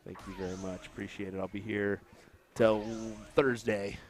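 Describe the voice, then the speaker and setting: A man commenting on a darts match on a live stream, with relaxed, joking banter. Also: on the low side, normal speed. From United States.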